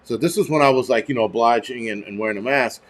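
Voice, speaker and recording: Fast-talking and mid-range in pitch, the host of a prepper channel launches into stories. It's a casual ranting monologue, heated, full of profanity, and meandering.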